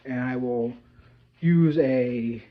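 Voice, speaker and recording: A man's voice: medium pitch, extremely slow. A man hosting his own video, explaining ideas in a thoughtful, loose way with many filler phrases. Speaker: video host. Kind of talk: casual commentary to camera. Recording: dull lo-fi audio.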